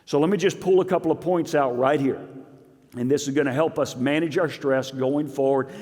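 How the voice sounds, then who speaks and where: A man's voice: a little high, normal speed. Male pastor preaching in a reverberant hall. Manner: animated preaching, swinging between loud emphasis and quiet asides. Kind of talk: sermon. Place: church sanctuary.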